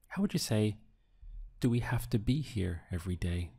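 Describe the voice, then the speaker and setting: A man in a recorded lesson, patient and deliberate, pausing for the learner to answer. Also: on the low side, lively intonation, vocal fry, dark tone, breathy edge. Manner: slow, patient drills with pauses for the learner. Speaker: language teacher.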